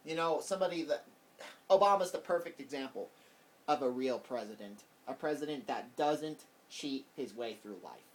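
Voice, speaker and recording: A man vlogging a heated, rambling political rant, repeating himself as he talks. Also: on the high side. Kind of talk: casual political rant to camera. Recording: voice distant from the mic.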